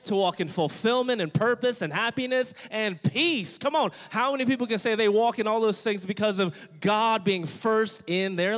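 Man, pastor, high voice, lively sermon, playful asides, calls out to the congregation, church with long reverb. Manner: energetic, calls for congregation response. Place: church sanctuary.

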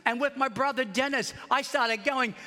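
Passionate preacher, bright tone, big hall echo. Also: male voice, extremely high pitch, normal speed. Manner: passionate storytelling, swings between shouting and hushed. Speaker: pastor. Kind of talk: sermon.

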